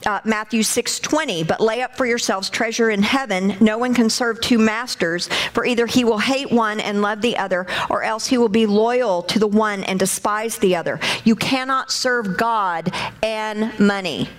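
A middle-aged woman preaching a lively sermon to a congregation, calling out and bursting into shouts. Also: medium pitch, normal speed. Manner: animated, shouts in acted bursts, talks to congregation.

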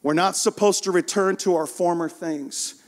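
A man preaching a passionate sermon, rising to shouts and dropping to hushed storytelling. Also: high voice, moderate pace.

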